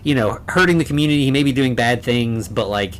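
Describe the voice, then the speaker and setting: A man's voice: medium pitch, fast. A man co-hosting a horror podcast, recapping a film in casual chat, rambling with many fillers and restarts. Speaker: podcast co-host.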